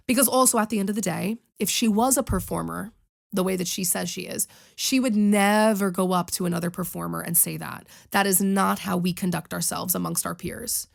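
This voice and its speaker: A woman's voice: mid-range voice, steady tone, brisk, gravelly. A young woman singer hosting her own show, chatting casually to camera in a sassy, chatty, self-motivating way. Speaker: singer and podcast host.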